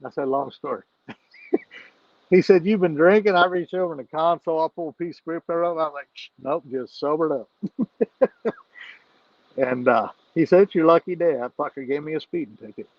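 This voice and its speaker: This podcast guest's voice runs a little high, and he talks fairly quickly but leaves long pauses while relating a rowdy tale. He laughs often and curses freely in a casual storytelling style, captured on a muffled recording with no room sound.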